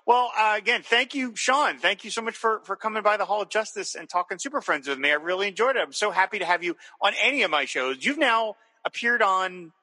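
Bright-voiced chatty male podcast host. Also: high voice, animated, a little fast, few pauses, big-room sound. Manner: upbeat, chatty, with frequent fillers. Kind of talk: casual chat.

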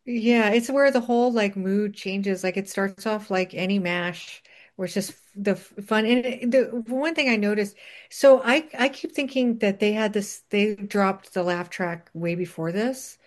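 A woman's voice: mid-range voice, unhurried. A woman in casual conversation, talking thoughtfully about what she noticed in a television episode. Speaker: podcast co-host. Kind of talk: casual chat.

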